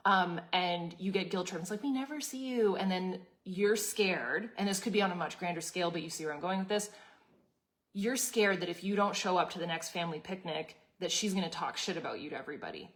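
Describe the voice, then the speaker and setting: A woman's voice: on the low side, a little fast, a bit bright. A woman in her thirties hosting a live community session, giving a casual motivational talk with candid chat and many restarts.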